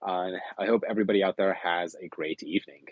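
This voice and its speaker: A man hosting a casual live stream, chatty and enthusiastic, his voice going hoarse. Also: sits low, fast talker, no echo, highs cut off. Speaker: host of a movie live stream.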